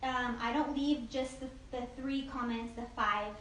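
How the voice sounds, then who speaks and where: A woman's voice: high-pitched, fairly even intonation, unhurried, fairly bright tone. A woman giving a casual group training talk on networking, upbeat and chatty, with frequent "like" and "okay?". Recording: echoey room, mic from a distance, faint noise.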